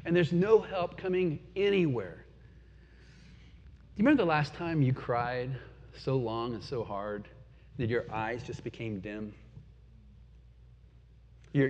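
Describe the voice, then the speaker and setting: Male pastor, earnest sermon delivery, slightly husky voice, long hall reverb on a dull recording. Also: mid-range voice. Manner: earnest, reflective, rhetorical questions, drops to quiet pauses.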